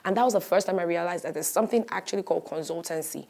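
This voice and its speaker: Woman pastor in her thirties, lowish voice, animated testimony with acted-out quotes. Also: very fast, gravelly. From Nigeria. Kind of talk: personal testimony interview.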